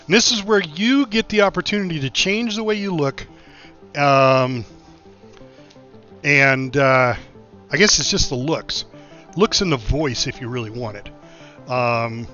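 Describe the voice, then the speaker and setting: Man streamer, bright forceful voice, chatty gameplay commentary, dull lo-fi mic with faint music behind. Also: on the high side. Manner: chatty, thinking aloud with many fillers.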